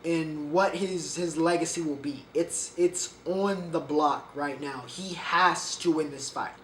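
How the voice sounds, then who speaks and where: A man's voice: fairly high pitch, slow pace, a bit bright, recorded from a distance. A man hosting a sports podcast, chatting casually and rambling, often stumbling over player names. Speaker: podcast host. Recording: echoey room, voice a bit off-mic, faint background hiss.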